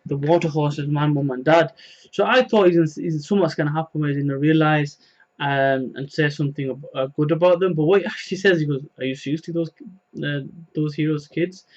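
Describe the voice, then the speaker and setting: A man's voice: on the high side, fairly even intonation, brisk, muffled recording. A man casually recapping a manga chapter, rambling with many fillers and retelling the dialogue. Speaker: manga reviewer.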